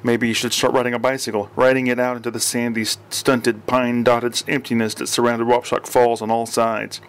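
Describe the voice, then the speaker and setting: Male audiobook narrator, steady reading, mid pitch, sometimes restarts a word. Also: normal speed, clean tone.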